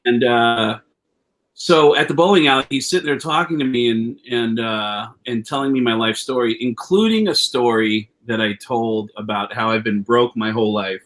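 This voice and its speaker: A man telling a long, rambling story with lots of restarts and cursing. He keeps jumping up in pitch to act out what people said. The sound comes over a video call. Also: moderate pace. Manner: animated storyteller, acts out quotes with raised voice; profane, rambling with many restarts. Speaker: comedian guest. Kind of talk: storytelling anecdote.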